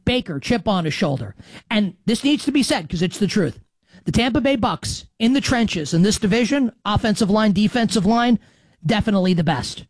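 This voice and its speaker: A man in his thirties hosting a sports predictions show, brash and joking, with emphatic pauses. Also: high-pitched, expressive, no room sound. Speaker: sports podcast host.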